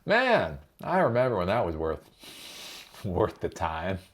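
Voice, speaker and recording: Sarcastic ranting man with lively pitch. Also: takes it slowly, breathy edge. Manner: sarcastic, profane, mocking; repeats phrases and rhetorical "right?". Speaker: tech commentary host. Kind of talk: ranting solo commentary.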